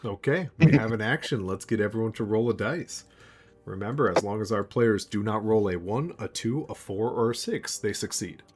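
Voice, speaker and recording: Man, game master narrating a tabletop game, lowish voice, playful, quick to laugh. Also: crowd noise.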